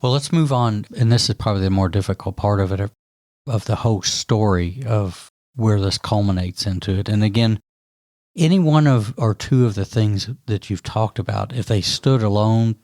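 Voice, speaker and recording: A man's voice: fairly low pitch, a little mellow, no room sound, clean studio sound. A middle-aged man co-hosting a true crime podcast, talking thoughtfully with frequent restarts. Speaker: podcast co-host. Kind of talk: conversational true crime discussion.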